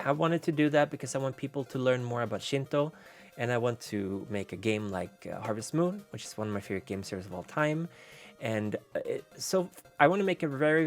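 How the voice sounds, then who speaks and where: A man streaming as a VTuber, chatting casually and rambling, with many fillers and restarts. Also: mid-range voice. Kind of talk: casual livestream chat.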